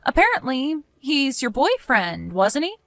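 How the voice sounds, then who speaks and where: Firm, lively woman narrator. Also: high-pitched, measured pace, dry recording. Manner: firm, scolding. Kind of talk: first-person story narration.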